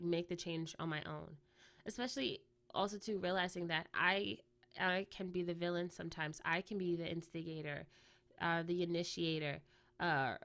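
A woman with a lowish voice talks through her thoughts on a podcast in a loose, rambling way. She keeps checking in with "right?" and fights off a cough now and then. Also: a bit bright. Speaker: podcast host. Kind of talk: casual reflective chat.

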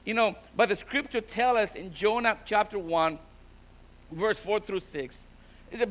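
Man, pastor, sermon, high voice, bright tone, repeats words, emphatic. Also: measured pace. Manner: repeats and restarts words, builds to emphatic exhortation. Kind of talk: bilingual sermon.

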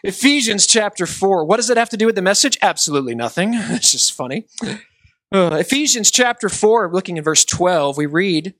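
Conversational, slightly high-voiced pastor. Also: male voice, expressive, brisk, fairly bright tone, no echo. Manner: conversational and self-deprecating, then earnest. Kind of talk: sermon with joke and prayer.

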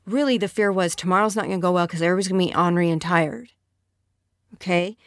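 A woman's voice: fairly low pitch, quick pace, dry recording, clean studio sound. A woman giving relationship advice in a conversational talk, often asking her audience right or okay and acting out what spouses say. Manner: conversational, acts out spouse dialogue in quoted voices; frequent checking questions like right and okay. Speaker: marriage and relationship speaker.

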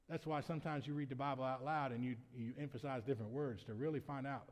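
A man preaching a sermon as pastor, shifting between quiet conversational asides and loud, emphatic preaching. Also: on the high side, fast talker, few pauses. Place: church sanctuary. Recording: long reverb of a church hall.

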